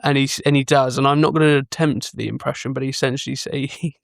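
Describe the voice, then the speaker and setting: Gravelly-voiced man chatting about films. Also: medium pitch, level tone, racing, no echo, studio quality. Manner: enthusiastic, quotes film lines. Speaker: podcast co-host. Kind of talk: casual film chat.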